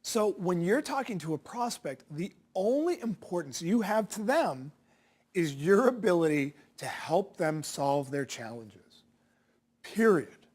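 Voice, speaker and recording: A man's voice: high-pitched, very animated, measured pace, darkish tone. A man teaching as a sales coach, talking straight to viewers in a direct, punchy way and firing off rhetorical questions. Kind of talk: instructional talk to viewers.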